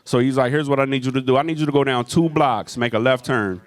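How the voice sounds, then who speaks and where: A man in the middle of a stand-up set, speaking into a handheld mic in a comedy club. His delivery is profane and animated, drifting from a drug-buying story into jabs at the crowd. His voice sits at an ordinary mid pitch. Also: quick pace.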